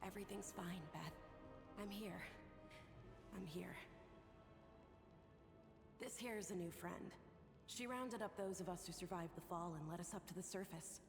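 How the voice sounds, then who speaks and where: A woman voicing a loyal female crusader, speaking in a gentle, reassuring way. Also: on the low side, a little slow, vocal fry, long pauses, over music. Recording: echoey game audio with long reverb.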